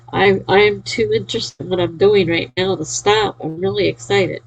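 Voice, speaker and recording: A woman's voice: mid-range voice, fairly even intonation, a little slow, vocal fry, husky, rough recording. A sleepy, yawning woman chatting casually on a live stream, reading out and cheering viewers' chat messages. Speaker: livestreamer.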